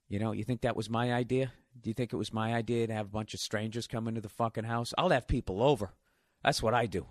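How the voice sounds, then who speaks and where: A man's voice: mid-range voice, a bit bright, no room sound, studio quality. A man in his forties telling stories in a casual, profane, rambling monologue as a podcast host. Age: 40s.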